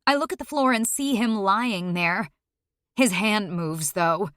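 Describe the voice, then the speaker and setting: A woman reading a dark first-person story aloud, tense and emotional, dropping low at grim moments. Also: unhurried, no room sound, clean studio sound. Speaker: audiobook narrator.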